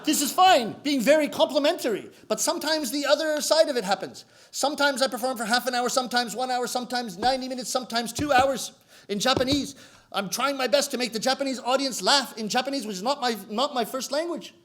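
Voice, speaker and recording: High-voiced man telling comic stories. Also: quick pace. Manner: animated, acts out quoted voices. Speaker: rakugo comedian. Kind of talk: comic storytelling to camera.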